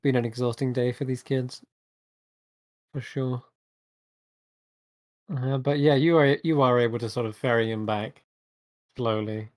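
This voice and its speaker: A man's voice: mid-range voice, steady tone, measured pace, long pauses, a little mellow, no echo. A man who is the dungeon master, narrating a tabletop game in a laid-back way.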